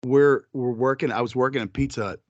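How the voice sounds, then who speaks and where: A man's voice: medium pitch, fairly even intonation, fairly quick, no echo, dull audio. A man co-hosting a podcast, telling crude stories in casual chat and laughing hard at them. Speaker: podcast co-host.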